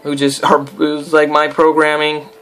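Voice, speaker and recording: A young man narrating his gameplay in a loose, goofy ramble, chatting away to himself and the game. His voice sits a little high, with faint game music underneath. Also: monotone, moderate pace, fairly bright tone. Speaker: gameplay commentator. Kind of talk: casual let's-play commentary.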